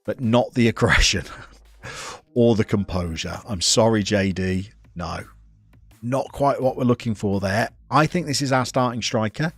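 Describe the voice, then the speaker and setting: A man's voice: lowish voice, unhurried, breathy edge, no echo, soft background music. A man giving chatty, playful live commentary on a football management game as he streams it, talking to the players and to his chat.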